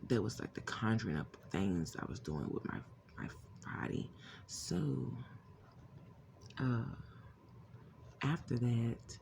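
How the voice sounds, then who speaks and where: Gravelly-voiced woman telling a testimony. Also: extremely low pitch, darkish tone, slight background noise. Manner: rambling, restarts often, acts out quoted voices. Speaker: vlogger sharing a testimony. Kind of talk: emotional personal testimony.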